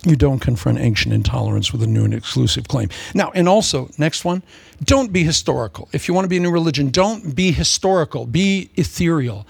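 A man preaching a humorous sermon, sarcastic and animated, slipping into mock voices. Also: fairly high pitch, brisk, gravelly, slightly rough, dry recording.

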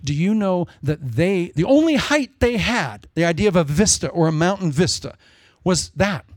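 A male pastor preaching a sermon in an excitable way, wandering off into jokey asides. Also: high voice, moderate pace, no echo.

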